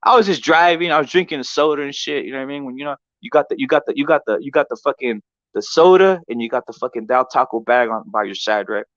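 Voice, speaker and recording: A man's voice: medium pitch, fast talker, a bit bright, dry recording. A man hosting a boxing show, telling stories in a loose, profane way, repeating himself and often asking "right?". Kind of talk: casual storytelling. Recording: dull lo-fi dry audio.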